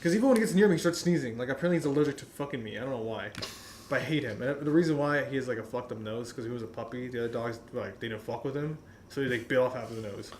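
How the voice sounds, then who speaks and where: A man's voice: mid-range voice, very fast, slight background noise. A young man casually telling rambling, profane stories on a podcast and laughing often. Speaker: podcast host.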